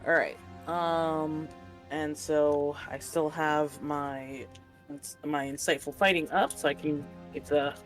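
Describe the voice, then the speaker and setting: A player at a tabletop game who speaks slowly and unhurriedly. The talk is hesitant and full of ums and uhs, with dice totals added up out loud. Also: medium pitch, steady tone, soft background music.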